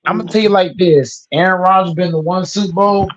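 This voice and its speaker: A man's voice: sits high, steady tone, fairly quick, dull audio. Stammering man on a noisy call. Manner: stammering, laid-back. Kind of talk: heated sports debate.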